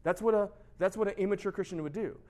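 A man giving a casual, animated sermon as a pastor, often asking "right?" and laughing at himself. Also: high voice, fast talker. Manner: chatty, animated, constant rhetorical "right?"; laughs at himself, shouts for emphasis.

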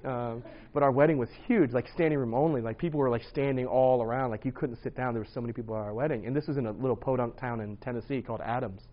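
A man in his thirties shares his testimony in an earnest, conversational way. His voice sits at an ordinary middle pitch, and the recording sounds a bit dull and lo-fi. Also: fast, hardly any pauses. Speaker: speaker sharing his testimony. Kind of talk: personal testimony talk.

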